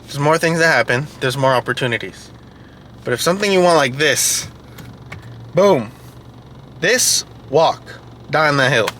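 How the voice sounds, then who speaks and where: A man's voice: a little high, measured pace, pauses often. A man delivering a motivational vlog monologue, emphatic and repetitive, swearing freely. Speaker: vlogger. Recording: loud vehicle noise outdoors.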